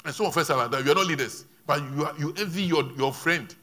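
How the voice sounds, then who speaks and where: A man delivers a sermon as pastor. His voice is bright and a little high for a man. He drops into quiet asides, then surges to loud, emphatic declarations. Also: quick pace.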